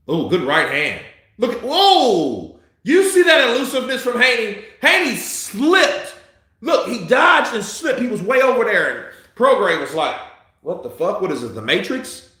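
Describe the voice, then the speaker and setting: A man, a little tipsy, gives profane, heated live commentary on a boxing fight, swinging between muttering and shouting. His voice is fairly high-pitched and the audio is very echoey.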